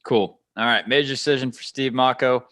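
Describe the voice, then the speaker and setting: A man hosting a casual podcast chat, moving the talk along briskly and asking each guest in turn. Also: medium pitch, steady tone, a bit bright, dry recording, clean studio sound. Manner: brisk, moderating the discussion. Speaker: podcast host.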